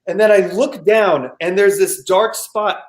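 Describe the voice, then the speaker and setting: A man telling a personal story at a live storytelling show, animated and full of restarts and vocal sound effects. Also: sits high, unhurried. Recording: echoey room.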